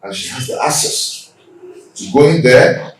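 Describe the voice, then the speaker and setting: An actor with a Nigerian accent playing a boastful husband defending himself before elders. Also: male voice, medium pitch, animated, unhurried, natural voice. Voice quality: boastful, insistent. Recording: echoey room, distant mic, faint noise.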